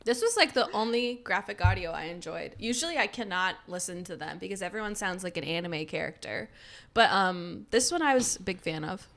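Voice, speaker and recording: Bright, chatty woman podcast co-host. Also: on the low side, lively intonation, a little fast, gravelly. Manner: chatty, anecdotal, playful. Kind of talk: casual chat, book review.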